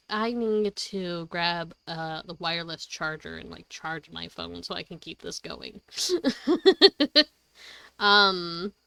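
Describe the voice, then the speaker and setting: A woman streamer chatting casually at home, rambling and excitable, swearing freely. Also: lowish voice, slow pace, creaky, clear, resonant tone. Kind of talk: casual livestream chat. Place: her home.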